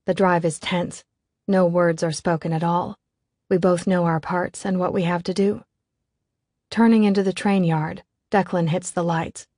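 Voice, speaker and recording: A woman's voice: on the low side, steady tone, unhurried, a little mellow, dry recording, studio quality. A woman reading a novel aloud in scripted first-person narration, in a tense, controlled way. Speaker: audiobook narrator.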